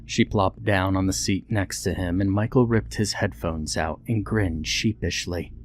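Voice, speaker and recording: A man narrating a story in a reflective, steady storytelling manner. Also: low-pitched, a little slow, slight background noise. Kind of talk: scripted horror story narration. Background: faint background music.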